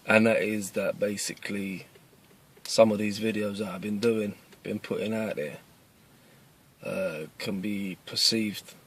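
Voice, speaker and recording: A man's voice: on the low side, animated, takes it slowly, pauses often, slight background noise. A man in his thirties from East London with a Cockney accent, talking earnestly to camera from inside a parked car, plain-spoken and often restarting his phrases. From East London, England. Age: 30s. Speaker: self-defence video maker. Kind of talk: casual talk to camera.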